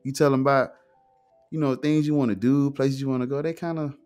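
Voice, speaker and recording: Male guest, casual and animated, swears freely, pitch leaps on emphasis; faint music bed. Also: fairly quick. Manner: animated, emphatic, swearing, frequent "you know what I'm saying". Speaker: guest, atheist streamer. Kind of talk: casual conversation.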